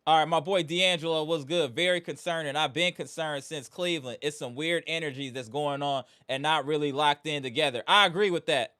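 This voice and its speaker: A man's voice: on the high side, fairly quick, few pauses, bright, forceful tone, clean tone. A man hosting a live sports fan stream, greeting viewers by name and venting about his team's loss. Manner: hype, greets chat by name, frustrated. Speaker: livestream host.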